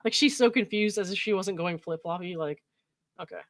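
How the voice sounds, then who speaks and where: A woman's voice: lowish voice, a little fast, dry recording. A woman host reading text messages aloud with casual commentary, laughing often and reacting with exasperated asides. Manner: laughs often, reads quoted texts with mock emphasis, frequent likes and ums.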